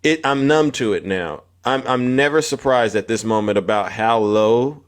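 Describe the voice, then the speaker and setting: A man's voice: medium pitch, normal speed, smooth. A man hosting a political livestream, calling out viewers by name and repeating phrases with rising emphasis. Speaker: livestream host.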